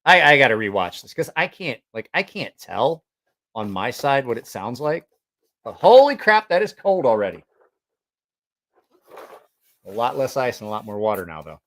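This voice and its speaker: A man's voice: medium pitch, big pitch swings, moderate pace, pauses often, a bit bright. A man casually telling a story to his stream viewers, rambling and swearing, on a sensitive mic with headphones. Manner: rambling, swears freely, many restarts and laughs. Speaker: live streamer.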